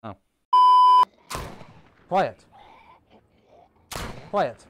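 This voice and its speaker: A British man playing a VR game and commentating, excitable and joking, shouting and laughing at enemies. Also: a little high, takes it slowly, long pauses, no room sound. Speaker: gaming YouTuber.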